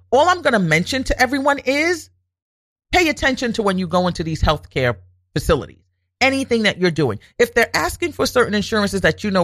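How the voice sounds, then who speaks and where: A woman telling a personal story in a casual monologue, animated and emphatic, acting out the other people's lines as she goes. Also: on the high side, dry recording, clean studio sound. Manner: animated, acts out quoted dialogue, emphatic repetition.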